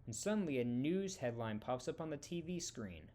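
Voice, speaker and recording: A young man reading out a fan-made story in a plain, even casual narration. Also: mid-range voice, moderate pace.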